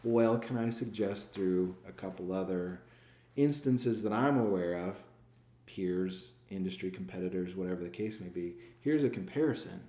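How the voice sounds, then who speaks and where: Deep-voiced former pastor, echoey room. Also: male voice, normal speed, dark tone. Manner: reflective, poses rhetorical questions and answers them. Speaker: sales manager and former pastor, guest. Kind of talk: casual podcast interview.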